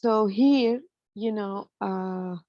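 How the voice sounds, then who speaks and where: A medium-pitched woman speaks very slowly while explaining English grammar to her students in stages. "You know" pops up as filler, and she asks "okay?" to confirm they understand. The sound is dry and muffled.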